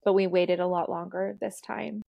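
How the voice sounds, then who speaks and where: A woman's voice: fairly low pitch, steady tone, moderate pace, gravelly, no echo, lo-fi sound. A woman in her thirties, a doula guest on a podcast, telling her birth story in a chatty way with frequent laughs and fillers. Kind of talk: casual storytelling interview.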